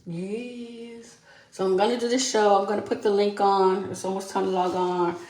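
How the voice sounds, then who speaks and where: A woman's voice: medium pitch, flat delivery, normal speed, darkish tone. Rambling, profane New York woman. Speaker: podcast host. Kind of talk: casual chat while doing makeup. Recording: echoey room.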